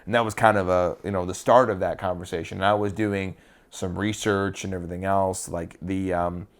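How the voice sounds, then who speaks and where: A man with a fairly low voice, co-hosting a casual podcast. He rambles through his stories with plenty of "um"s and restarts. He swears freely and keeps a loose, offhand tone. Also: level tone, fairly quick. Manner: rambling, with frequent fillers and restarts. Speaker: podcast co-host.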